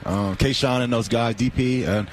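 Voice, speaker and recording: Easygoing young man, relaxed guest. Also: medium pitch, moderate pace, slight background noise. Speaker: guest football player. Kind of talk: casual interview.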